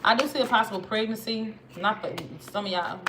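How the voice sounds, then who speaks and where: A woman's voice: mid-range voice, fairly quick. Chatty Southern woman tarot reader. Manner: chatty, slangy, talks straight to viewers. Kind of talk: casual tarot reading for viewers. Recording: noisy with clicks.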